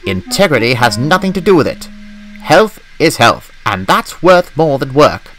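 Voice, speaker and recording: A man's voice: medium pitch, very animated, normal speed, fairly bright tone, soft background music, pitched above the performer's own voice, poor audio. A man voicing a kindly, earnest old engine.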